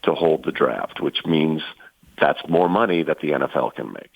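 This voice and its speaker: Low gravelly guy on a phone-quality line, rambling stories with lots of uhs. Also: lively intonation, moderate pace, no room sound. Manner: storytelling, many fillers and restarts. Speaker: guest sports broadcaster. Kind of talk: casual chat.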